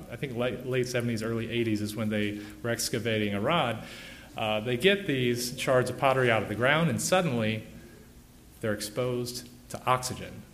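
A man in his thirties giving an informal illustrated lecture, relaxed, with many "uh" and "you know" fillers. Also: mid-range voice, slight background noise.

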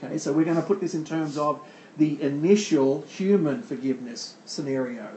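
A man's voice: fairly high pitch, moderate pace, darkish tone, slight background noise. Preaching man with a roomy echo. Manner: asks rhetorical questions and answers them. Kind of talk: sermon explaining a scripture passage.

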